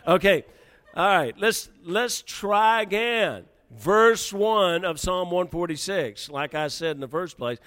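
A man preaching a sermon, halting and repeating words, growing excited as he reads scripture. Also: high-pitched. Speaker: pastor. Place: church sanctuary. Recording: long hall reverb.

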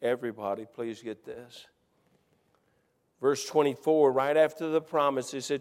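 A man preaching a sermon, telling a personal story with rising emotion and bursts of shouting. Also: medium pitch, unhurried, pauses often, in a large hall.

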